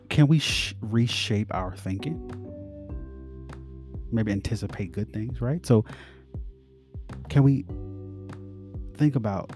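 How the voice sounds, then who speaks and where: A man's voice: on the low side, lively intonation, takes it slowly, pauses often, over music. A man hosting a podcast, talking in a casual, rambling, reflective way with many fillers and restarts, and closing with encouragement. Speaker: podcast host.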